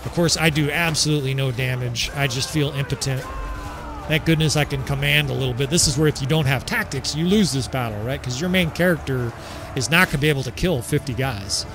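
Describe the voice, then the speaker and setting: A man giving casual, excitable gameplay commentary as he sets up a battle, swearing freely and laughing often. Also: mid-range voice, fairly quick, music in the background.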